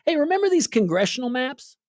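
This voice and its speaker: A woman's voice: sits high, big pitch swings, fast, a little mellow, dry recording, clean studio sound. A woman hosting a political talk show, sarcastic and full of rhetorical questions. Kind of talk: casual political commentary.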